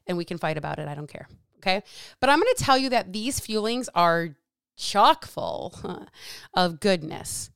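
A woman's voice: mid-range voice, a bit bright, smooth, no echo, clean studio sound. A middle-aged woman hosting a solo podcast as a diet coach, talking bluntly and sarcastically with plenty of swearing. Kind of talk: casual solo podcast rant.

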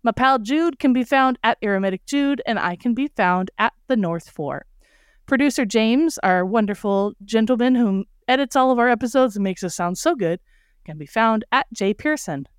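A woman's voice: fairly high pitch, expressive, normal speed, smooth, no echo, clean studio sound. A woman hosting a podcast in a casual, effusive way, gushing with thanks and laughing easily. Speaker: podcast host.

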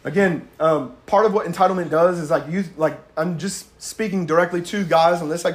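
A man with a slightly high voice teaching in a relaxed, sermon-like way. He talks conversationally and drives his points home with emphasis. Short laughs slip in between his points. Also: fairly quick, few pauses. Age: adult with a young daughter. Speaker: Bible teacher. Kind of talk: casual sermon-style teaching.

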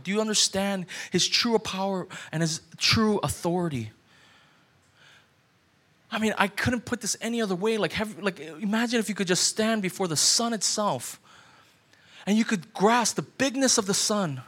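A man's voice: high-pitched, fairly bright tone. A man in his thirties, a pastor preaching a sermon in a conversational way that builds to urgent, repeated questions.

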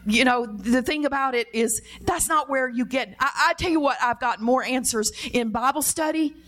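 Casting: middle-aged woman pastor, high voice, impassioned sermon with quick, chatty asides. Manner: passionate, builds to shouting and back to quiet; conversational asides with laughs. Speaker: preacher. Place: church room with a congregation.

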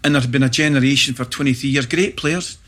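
A middle-aged Scottish man chats about his football days with a bright, forward voice. He tells his stories with animated energy and keeps tossing in little check-ins to his listeners. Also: mid-range voice. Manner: animated anecdotes, quick asides like "right?". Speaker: former footballer and pundit guest. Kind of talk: casual storytelling chat.

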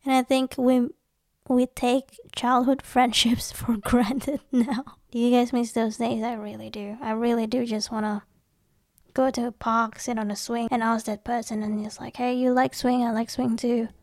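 A woman's voice: on the high side, flat delivery, moderate pace, dry recording, clean studio sound. A young woman talking casually to her viewers, chatty and giggly, often acting out little scenes. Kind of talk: casual personal talk to viewers.

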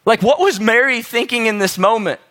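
Bright high-voiced male preacher. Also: a little fast. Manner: conversational, rhetorical questions. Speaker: pastor. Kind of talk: sermon.

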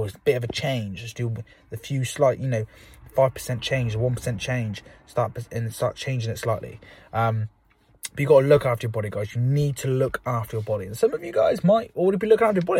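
A man's voice: medium pitch, darkish tone, slightly rough. A young man hosting his own podcast from inside a car, giving a rambling, upbeat pep talk with many fillers, a little out of breath after a game of football. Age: young adult. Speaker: podcast host. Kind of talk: casual solo podcast monologue.

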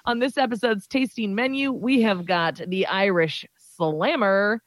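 A woman's voice: mid-range voice, measured pace, no echo, studio quality. Playful woman hosting a podcast. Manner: playful, laughs often, jokey put-on voices. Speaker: podcast host. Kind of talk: casual chat.

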